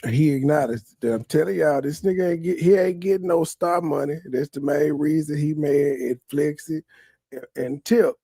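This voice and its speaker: A man's voice: on the high side, moderate pace, vocal fry, dark tone, breathy edge, dry recording. A man commenting sarcastically over someone else's stream, mocking the story. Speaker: livestream commentator.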